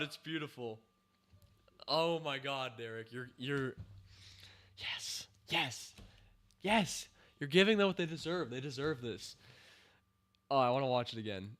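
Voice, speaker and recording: A man hosting a casual stream, reviewing a TV season scene by scene, rambling with fillers and breaking into excited cheers and laughter. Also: mid-range voice, a little slow, long pauses. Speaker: show host reviewing a TV season.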